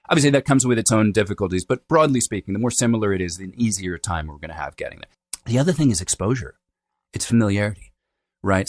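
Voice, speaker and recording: Low-voiced man explaining casually. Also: dry recording. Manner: thoughtful, explanatory, with frequent fillers. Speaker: dialect coach. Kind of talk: casual interview answers.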